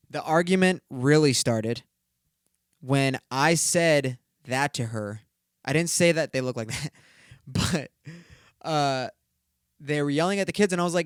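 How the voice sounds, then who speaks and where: Young man, solo podcast host, rambling profane storytelling, smooth clear voice, dry close sound. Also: on the high side, expressive, measured pace, pauses often, no room sound. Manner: rambling, profane, filler-heavy retelling.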